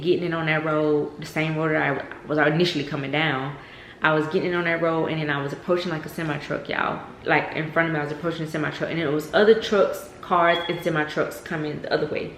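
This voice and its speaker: A young woman telling a storytime vlog, animated and chatty, often saying "y'all.". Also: sits low, fairly quick. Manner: animated, addresses viewers as y'all, many fillers. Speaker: vlogger. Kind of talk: casual storytime. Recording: echoey room with faint noise.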